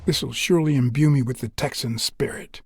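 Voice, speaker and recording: A man's voice: mid-range voice, a little fast, vocal fry, slightly rough. A man voicing a cool-headed 1950s detective, speaking in a dry, wry game monologue. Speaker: private detective. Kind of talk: video game voice acting.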